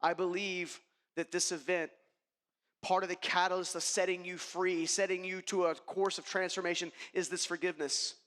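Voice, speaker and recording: A high, fairly bright male voice holds a level tone at a moderate pace as he delivers a motivational keynote. He tells a personal story emphatically and addresses the audience directly, with a large hall's long reverb around him.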